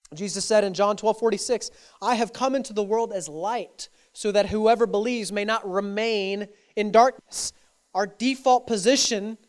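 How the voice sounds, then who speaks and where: A male pastor preaching a sermon earnestly, repeating key phrases for emphasis. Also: high voice.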